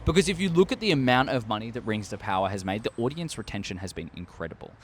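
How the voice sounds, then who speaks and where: An Australian man hosting a casual opinion vlog, rambling and excitable, with heavy swearing, talking into a desk microphone. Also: lowish voice, fast talker, slight background noise. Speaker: show host.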